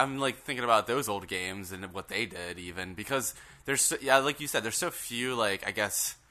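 A man co-hosting a laid-back podcast, his voice fairly low and bright with a tense edge. He rambles through his points with plenty of fillers and laughs easily as he talks. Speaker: podcast co-host. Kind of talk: casual podcast chat.

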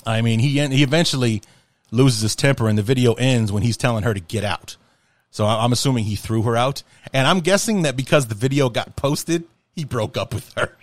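A man's voice: mid-range voice, a little fast, dry recording. A man hosting a casual solo podcast, talking in an impassioned, rambling and profane way. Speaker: podcast host.

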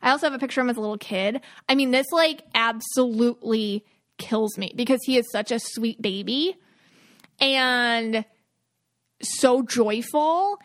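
A woman co-hosting a podcast muses emotionally about her intuitive impressions in a casual chat. Her voice is a little high and her pace measured.

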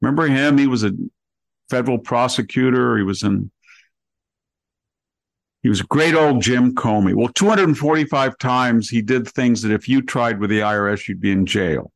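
A man hosting a political podcast who piles up grievances in a sarcastic, rapid-fire way, recorded close on a studio mic. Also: medium pitch, creaky, no echo, low-quality recording. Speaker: podcast host. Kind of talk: political commentary conversation.

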